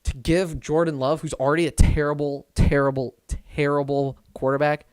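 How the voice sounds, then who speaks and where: A young man hosting a live watch-party stream, reading chat aloud and ranting, swinging between loud outbursts and low muttered asides. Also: level tone, moderate pace, clean tone. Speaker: livestream host.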